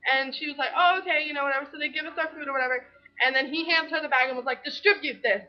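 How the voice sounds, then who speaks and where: A woman's voice: high-pitched, very fast. A young woman vlogger telling a funny story in casual chat, giggling and acting out what people said. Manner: giggly, animated retelling with quoted voices. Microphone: webcam. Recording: dull lo-fi webcam audio.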